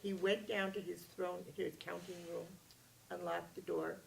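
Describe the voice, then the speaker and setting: A woman telling a children's story aloud, expressive, with sound effects and voices. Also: lowish voice, moderate pace, vocal fry. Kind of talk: animated oral storytelling to a child. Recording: distant mic with faint background noise.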